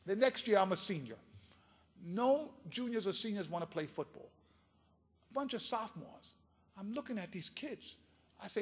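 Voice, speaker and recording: A man giving a keynote speech, telling a story in an impassioned, animated way. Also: high voice, normal speed, long pauses, slightly rough, long reverb tail. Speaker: keynote speaker.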